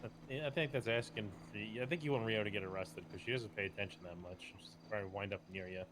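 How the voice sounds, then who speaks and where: A man in an in-character roleplay, teasing the others with quick questions and a lot of swearing. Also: lowish voice, background noise. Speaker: roleplay player.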